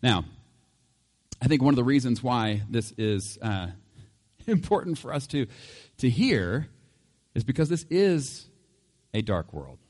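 A man's voice: mid-range voice, sing-song, measured pace, long pauses, a little mellow, long reverb tail. A male pastor preaching a conversational sermon, easygoing and chuckling often, with homely examples. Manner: conversational, laughs often, uses everyday examples.

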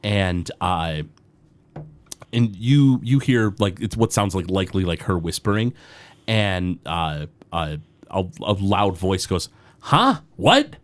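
A man narrating as game master of a tabletop game, halting and full of fillers. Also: low voice.

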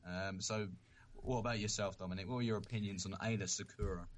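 A man's voice: lowish voice, fairly even intonation, fast. A man co-hosting a podcast in casual chat, earnest and thinking aloud as he talks. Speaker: podcast co-host.

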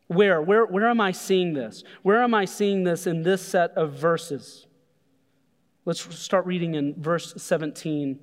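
A man preaching a sermon, animated, acting out voices when he quotes people. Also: sits high, a little slow. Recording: long hall reverb.

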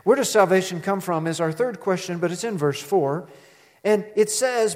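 A pastor preaches in a conversational, storytelling way, leaning hard on key words for drama. His voice sits a little high for a man. A long reverb trails after him through the hall. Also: unhurried. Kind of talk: sermon.

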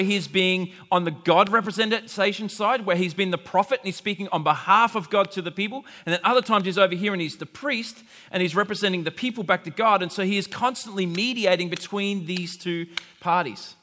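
Male preacher, bright high voice, chatty and lively, big reverberant hall. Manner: animated, conversational, acts out quoted voices. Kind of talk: sermon.

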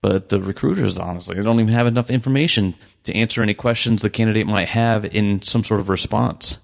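Low gravelly dude hosting a podcast, blunt ranty casual talk. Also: male voice, fast talker. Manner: blunt, ranting, frank. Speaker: podcast host.

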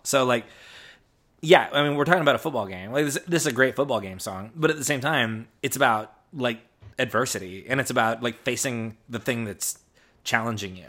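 A thoughtful man unpacks a song's meaning in easy conversation, eager and sincere. His voice is bright and forceful, at an ordinary middle pitch. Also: brisk. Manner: earnest, reflective, eager to explain meaning. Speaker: co-host discussing songs. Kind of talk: casual chat.

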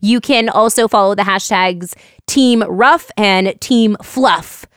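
A woman co-hosting a podcast, chatting casually and reading news stories in a bubbly, quick way with frequent laughs. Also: mid-range voice, fairly bright tone, clear, resonant tone, dry recording, studio quality. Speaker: podcast co-host.

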